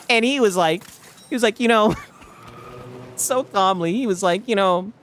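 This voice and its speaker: A man's voice: sits high, moderate pace, long pauses, fairly bright tone, a little hiss or hum. A man chatting casually on a stream, telling stories with frequent laughter and swearing.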